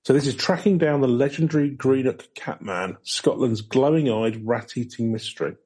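A man hosting a podcast, casual and dryly understated, with halting fillers. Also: medium pitch, darkish tone, breathy edge. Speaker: podcast host. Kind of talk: casual comedic chat.

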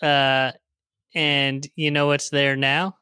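Young guy podcast co-host, smooth and fairly high, dry close sound, deadpan joker. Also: slow, no echo. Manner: dry jokey asides. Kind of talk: casual chat.

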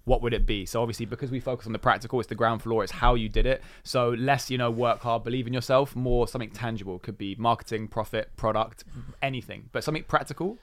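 A man hosting a podcast in a relaxed, friendly, casual way, calling his guest bro. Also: medium pitch, fast talker, few pauses, no room sound. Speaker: podcast host.

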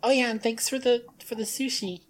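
A woman's voice: a little high, fairly even intonation, brisk, a little hiss or hum. A woman playing a tabletop game, speaking in character with hesitant restarts and easy amusement. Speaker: player.

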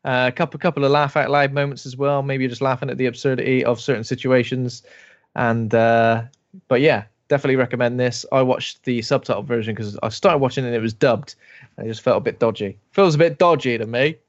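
Man, podcast co-host, animated, jokey, dull lo-fi sound. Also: mid-range voice, brisk. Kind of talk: casual chat.

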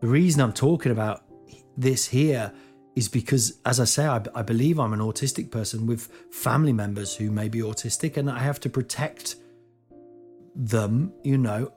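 A man's voice: medium pitch, moderate pace, a little mellow, soft background music. A middle-aged man with a British accent, talking candidly and rambling in a personal monologue, with plenty of swearing and restarts. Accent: British English. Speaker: comedian guest speaker.

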